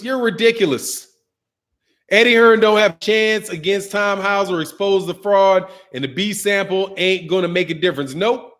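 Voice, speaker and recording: A man's voice: high-pitched, a bit bright. A man hosting a boxing channel, giving a slangy, mocking commentary rant.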